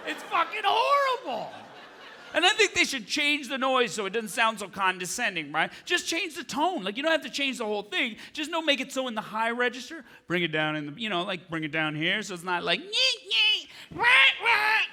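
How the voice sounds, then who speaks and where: Canadian-raised comedian on a theater stage, high lively voice that swings all over, very bright. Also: male voice, brisk, hardly any pauses, slight background noise. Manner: animated, jumps into high squealing impressions. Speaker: stand-up comedian. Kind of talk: stand-up comedy. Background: audience laughter.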